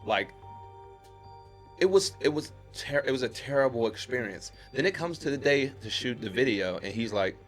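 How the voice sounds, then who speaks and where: A man from Pittsburgh, a podcast guest, telling a story in casual chat and acting out the quotes with his voice jumping up high. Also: normal speed, faint music behind. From Pittsburgh, USA. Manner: animated retelling, acts out quotes with rising pitch.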